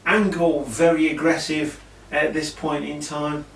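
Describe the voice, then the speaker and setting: A man's voice: fairly high pitch, little pitch movement, measured pace, a bit bright. British guy rambling through a wrestling recap, roomy echo, sits back from the mic, faint hiss. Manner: chatty, rambling with asides and fillers. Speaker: wrestling show reviewer. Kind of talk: casual recap of an old wrestling event. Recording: echoey room, mic at a distance, faint hiss.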